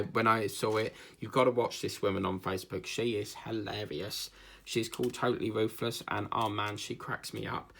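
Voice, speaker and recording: A man's voice: lowish voice, vocal fry, pushed and bright. A man hosting a craft channel, chatting casually and rambling from one topic to the next with lots of fillers and jokes. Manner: chatty, digressive, jokey, with many fillers.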